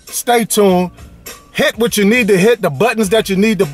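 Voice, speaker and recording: A man's voice: high-pitched, moderate pace, soft background music. A man from California hosting a casual toy-hunting vlog, with playful slang-filled banter and a sing-song delivery. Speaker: toy collecting vlogger.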